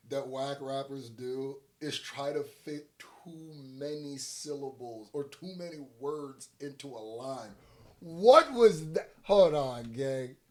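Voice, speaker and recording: A man hosting a reaction video, talking in casual, animated commentary that breaks into loud teasing and laughter. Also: mid-range voice.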